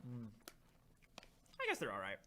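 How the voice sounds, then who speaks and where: A young man hosting a casual charity livestream, reading chat aloud and trying snacks with a rambling, animated manner. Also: medium pitch, moderate pace, a little hiss or hum. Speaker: livestream host.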